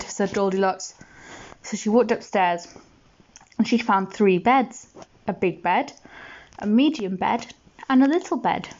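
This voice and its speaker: A woman reading a bedtime story aloud, gentle and expressive, asking the listener questions. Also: medium pitch, a little slow, muffled recording.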